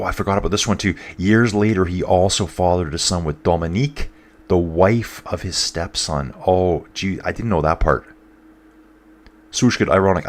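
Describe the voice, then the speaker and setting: A man with a very low voice talks casually through a live race, his nose a bit stuffed up. He keeps an easy, chatty flow, reading out comments from viewers as he goes.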